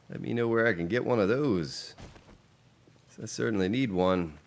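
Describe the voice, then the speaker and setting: A man casually commenting on his game during a live stream, chatting with viewers as he plays. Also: on the low side. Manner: relaxed and chatty, reading out and answering viewer chat.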